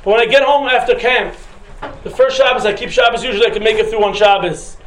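A man's voice: extremely high pitch, fairly even intonation, fast talker, a bit bright, slight background noise. A man voicing a drunk, tearful young Russian man who speaks in earnest, broken phrases. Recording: roomy echoing room.

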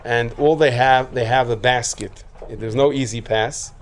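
A man giving a sermon full of stories, acting out voices and rising to loud bursts. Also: mid-range voice, a little slow. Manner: lively storyteller who acts out quotes, rising to loud outbursts. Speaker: rabbi giving a talk.

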